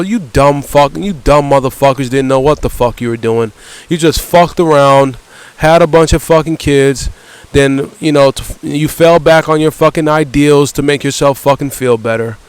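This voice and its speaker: A man with a somewhat high, smooth voice, recorded close with a dry sound. He rants in a heated, blunt way, swearing nonstop and hammering his points over and over. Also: dry recording, low-quality recording. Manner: profane, repetitive, ends phrases with "bro". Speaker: vlogger. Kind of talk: angry rant vlog.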